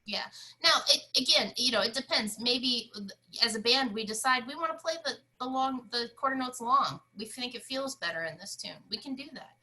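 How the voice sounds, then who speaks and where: Bright-voiced woman teaching music online. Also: on the high side, lively intonation, moderate pace, rough recording. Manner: explains rhythms by singing scat syllables.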